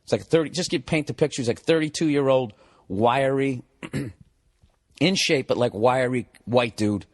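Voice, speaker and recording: A man's voice: medium pitch, a little slow, no room sound, studio quality. A man hosting a podcast, telling a story in a profane, sarcastic way and acting out both sides of an argument. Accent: Boston. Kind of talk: casual storytelling monologue.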